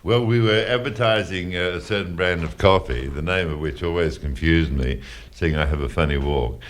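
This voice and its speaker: A former radio presenter tells a story in an interview, earnest and self-deprecating. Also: male voice, deep voice, moderate pace. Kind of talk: reminiscing in an interview.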